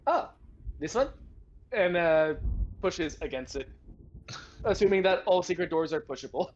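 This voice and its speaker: A woman's voice: on the low side, expressive, unhurried, a little mellow, dull audio. A woman playing a tabletop game, playful and lighthearted. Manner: playful, giggly. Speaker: player. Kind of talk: casual tabletop play.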